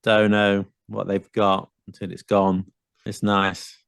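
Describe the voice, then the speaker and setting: A low, gravelly man's voice with a southern English accent carrying a light London tint. He chats lively and animated, slipping into playful impressions of other accents. The sound is dry and close, with no room around it. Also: slow pace, no room sound. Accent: southern English, slight London. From south of England. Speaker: podcast host. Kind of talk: casual chat about accents.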